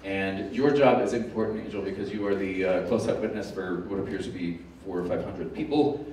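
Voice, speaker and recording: A man's voice: low-pitched, a little fast, darkish tone, recorded from a distance, a little hiss or hum. A man from Denver performing a live mentalism act on a thrust stage, with dry, wisecracking asides and a conversational stage patter. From Denver, USA. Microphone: room pickup after his microphone failed. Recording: echoey theater from afar, music behind.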